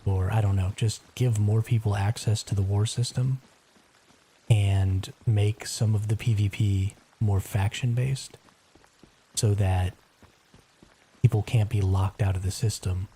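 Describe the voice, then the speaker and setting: A man's voice: fairly low pitch, fairly even intonation, unhurried, warm tone, a little hiss or hum. A man chatting casually as he streams a survival game, talking to viewers and reading their chat aloud. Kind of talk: casual gameplay commentary.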